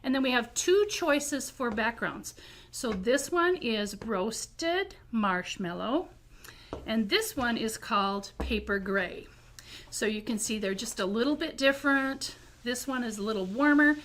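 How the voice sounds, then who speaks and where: A middle-aged woman with a slightly high voice talks casually in a quilt shop. She is enthusiastic and chatty. She hesitates with ums and repeats words like beautiful. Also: animated, unhurried, a bit bright, a little hiss or hum. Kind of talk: casual product presentation.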